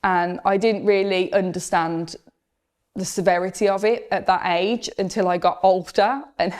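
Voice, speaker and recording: Candid low-voiced woman giving testimony. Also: a little mellow. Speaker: former Jehovah's Witness recounting her experience. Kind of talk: personal testimony interview.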